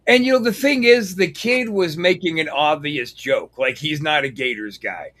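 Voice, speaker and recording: A man co-hosting a casual podcast chat, telling stories with animated energy and free swearing. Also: on the high side, normal speed. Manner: animated storyteller, swears freely. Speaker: podcast co-host.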